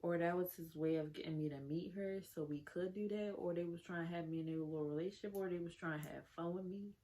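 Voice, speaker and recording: A woman's voice: lowish voice, fairly quick, warm tone. A young woman, chatting casually to camera as she tells a personal story and keeps calling her viewers "y'all". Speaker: storytime vlogger.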